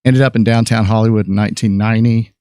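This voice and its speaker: A man's voice: lowish voice, steady tone, quick pace, a little mellow, smooth, dry recording, studio quality. A man in his fifties, a podcast guest and photographer, telling rambling stories about his life in a casual chat, with many fillers and restarts.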